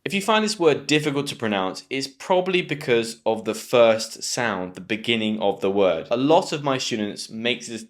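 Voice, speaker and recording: A British man with a British English accent, teaching English pronunciation to camera and slowly repeating words clearly. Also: medium pitch, a bit bright. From Britain.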